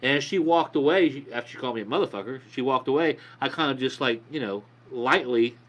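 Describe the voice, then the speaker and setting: A man's voice: medium pitch, a little fast. A man telling a rambling, profane bar story in casual podcast chat. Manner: profane, rambling anecdote with acted quotes.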